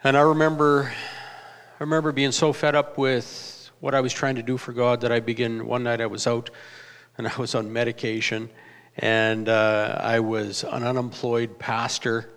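A middle-pitched man in his fifties, a pastor, shares a personal testimony in the manner of a sermon. He speaks reflectively and haltingly, circling back and restarting his sentences. His voice carries a long reverberant tail, as if recorded in a large hall. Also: flat delivery, a bit bright, smooth.

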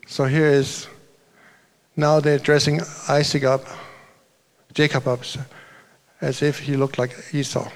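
A man's voice: mid-range voice, little pitch movement, a little slow. A man preaching a sermon as a pastor, telling a story in a loose, conversational way with restarts and asides.

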